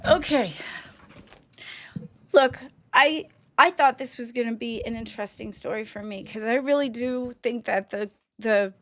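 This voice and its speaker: A woman's voice: on the high side, a little slow, pauses often, dry recording. A woman hosting a live stream, crying and sighing as she talks, distraught and hard on herself. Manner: distraught, self-critical, sighing. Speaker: streamer host. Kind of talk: emotional live-stream talk.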